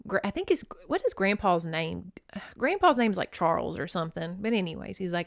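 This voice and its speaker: A woman's voice: lowish voice, sing-song, moderate pace, vocal fry, no room sound, studio quality. A woman hosting a podcast, giving a folksy, sentimental recap of a movie and laughing often. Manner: fond and sentimental storytelling. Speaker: podcast host.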